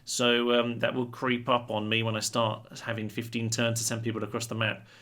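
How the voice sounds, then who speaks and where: A man's voice: medium pitch, monotone, moderate pace, fairly bright tone. A man hosting a gaming channel, giving chatty, wry commentary on a strategy game as he thinks aloud.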